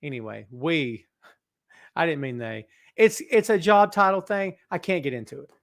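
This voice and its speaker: Animated joking male wrestling show host. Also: a little high, moderate pace, vocal fry. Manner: animated, joking, reads viewer comments aloud. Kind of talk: live-stream chat with viewers. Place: office. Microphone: podcast microphone setup.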